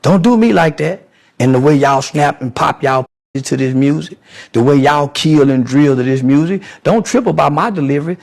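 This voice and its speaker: Gravelly preachy man lecturing bluntly. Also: fairly high pitch, normal speed, darkish tone. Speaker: podcast guest. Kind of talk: blunt social commentary.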